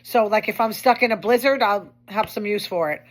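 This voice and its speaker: A woman's voice: medium pitch, fairly quick. A woman hosting her own show, talking in a chatty, wry way with complaining asides. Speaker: host. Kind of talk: casual monologue commentary.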